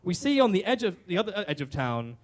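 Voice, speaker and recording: A man's voice: high voice, very animated, fast. Wry British man telling a story. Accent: British English. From Britain. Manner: wry, self-deprecating, with fillers and restarts. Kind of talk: live stage storytelling. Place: live storytelling venue on stage.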